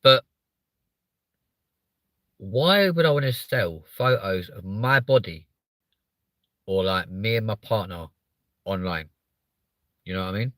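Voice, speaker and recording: A man's voice: on the low side, lively intonation, slow, pauses often, fairly bright tone, dry recording. A young man hosting a live stream, chatting with viewers in a sweary, joking, rambling way. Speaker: live show host.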